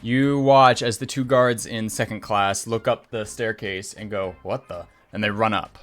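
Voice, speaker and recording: A man running a tabletop game as game master, narrating in a relaxed, chatty way. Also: fairly low pitch, moderate pace, soft background music.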